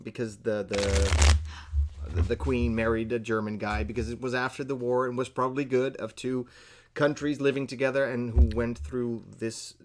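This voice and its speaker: A man's voice: medium pitch, little pitch movement, moderate pace. A man co-hosting a livestream, chatting in a rambling way while playing a card game. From Netherlands. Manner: chatty, rambling, restarts mid-sentence. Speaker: podcast co-host.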